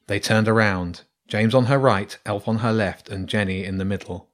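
A man reading a children's storybook aloud in a steady, measured way. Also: on the low side. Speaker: narrator.

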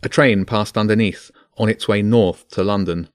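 A man's voice: lowish voice, normal speed, no echo, studio quality. A man narrating a children's fantasy book, voicing each character. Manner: expressive, voices each character.

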